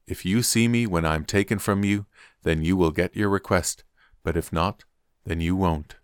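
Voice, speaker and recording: A man's voice: low voice, steady tone, moderate pace, clear, resonant tone, no room sound, clean studio sound, close to an everyday voice. A man voicing Elijah, a solemn old prophet.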